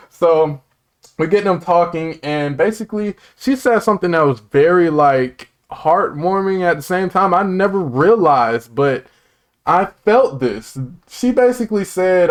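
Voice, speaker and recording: Excitable rambling man reviewing a show. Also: fairly high pitch. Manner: rambling, excitable, lots of "like" fillers and asides. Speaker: TV episode reviewer. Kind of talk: casual recap and review.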